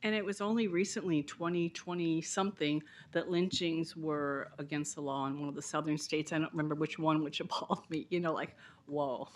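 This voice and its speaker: Earnest low-voiced woman in the audience. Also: fairly even intonation, a little fast, hardly any pauses, slight background noise. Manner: earnest, thankful. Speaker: audience member. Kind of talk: audience comment in a Q&A. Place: bookstore event room.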